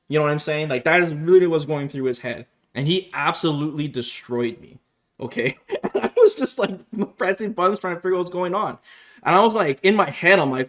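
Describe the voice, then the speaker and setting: Animated storytelling gamer guy. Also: brisk. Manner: animated, laughs often, acts out others' lines in high voices. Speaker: gaming video host. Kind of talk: casual storytelling to camera.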